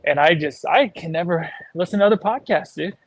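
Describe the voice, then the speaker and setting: Breathless chatty man, slightly high voice. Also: brisk, no room sound, poor audio. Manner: easygoing, chatty, uses "like" and "dude". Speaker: podcast co-host. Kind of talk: casual sports podcast chat. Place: outdoors, walking.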